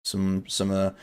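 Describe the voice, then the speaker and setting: A man hosts a nightly war update live stream, commenting over footage in a casual, energetic, chatty style. His voice sits low and sounds smooth.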